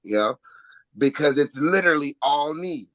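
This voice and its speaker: A man's voice: on the high side, animated, normal speed, fairly bright tone, no echo, poor audio. Upbeat D.C. man promoting music. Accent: Washington, D.C. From Washington, D.C. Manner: upbeat, self-promoting, chuckles often. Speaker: recording artist, interview guest. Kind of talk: casual interview talk.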